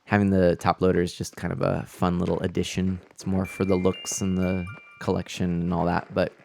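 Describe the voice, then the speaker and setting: A man streams a game from a room at home, chatting casually into a new desk mic setup and stumbling over his words. His voice sits low with a darkish, creaky tone, delivered in a monotone at a fairly quick clip. Soft music plays in the background.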